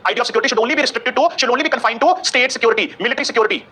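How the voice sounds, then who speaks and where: A man's voice: extremely high pitch, racing, bright, forceful tone. A man lecturing a class, quizzing the students with rhetorical questions.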